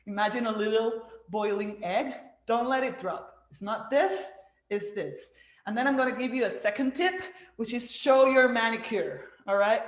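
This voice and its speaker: A woman teaching a dance class, cueing moves and counting out loud as she demonstrates. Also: on the high side, reverberant. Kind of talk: live online dance class instruction.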